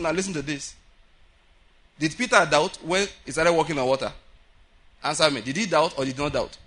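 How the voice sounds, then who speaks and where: Bright, husky-voiced man preaching. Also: on the high side. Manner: animated preaching, mimics voices, laughs often. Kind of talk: sermon.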